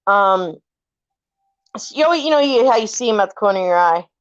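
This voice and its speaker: A woman's voice: medium pitch, fairly quick, dry recording. Woman in her 40s, chatty storyteller who voices every quote, dry close sound, dull lo-fi recording. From California. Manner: animated, acts out quoted voices, swears casually. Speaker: family member telling ghost stories. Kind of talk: casual storytelling chat.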